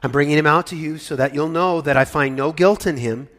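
A man's voice: a little high, brisk, a bit bright, long reverb tail, pitched above the performer's own voice, lightly acted. A man reading aloud voices Pilate, an anxious, commanding male Roman governor, raising his voice emphatically. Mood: urgent. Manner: raised, emphatic declaiming.

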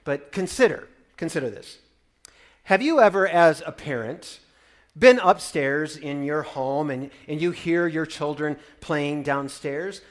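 A man and parent preaching a sermon, swinging from loud proclaiming to hushed wonder, with wry, playful storytelling. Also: fairly high pitch, measured pace. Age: adult parent. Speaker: pastor.

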